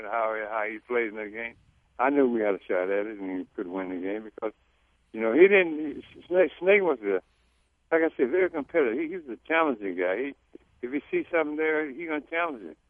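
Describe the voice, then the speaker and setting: A former teammate calls into a radio interview as a guest, his medium-pitched voice coming through a tinny phone line with no room sound. He reflects haltingly and tends to repeat his words.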